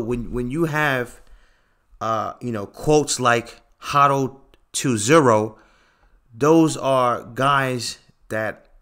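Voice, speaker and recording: Blunt, emphatic livestream host man. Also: medium pitch. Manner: blunt, repeats "okay" and "bro" often; lectures emphatically, gets louder when making a point. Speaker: livestream host answering chat. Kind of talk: casual livestream commentary.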